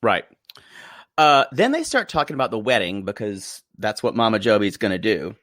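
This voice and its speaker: A man with a lowish, slightly bright voice that swings widely in pitch talks at a normal speed. He's a podcast co-host casually recapping a reality show, playful and gossipy and quick to laugh, in a clean studio recording with no room sound.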